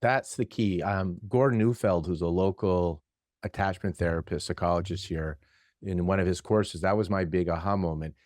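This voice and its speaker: Man hosting podcast, low voice, dry close sound, reflective. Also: normal speed, a little mellow, dry recording. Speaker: podcast host. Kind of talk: conversational interview.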